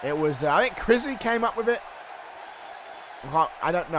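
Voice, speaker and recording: A man with a sore, strained throat doing live play-by-play commentary on a stream. He chats with viewers between calls and shouts at the big moments. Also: on the high side, sing-song, moderate pace, a crowd in the background. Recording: noisy stream recording.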